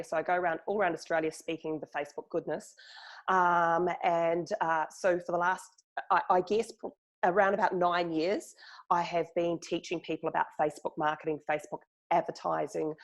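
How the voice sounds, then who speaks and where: A woman from New Zealand with a New Zealand accent, a marketing speaker talking fast and laughing often as a podcast guest. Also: lowish voice, fairly even intonation. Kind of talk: casual podcast interview.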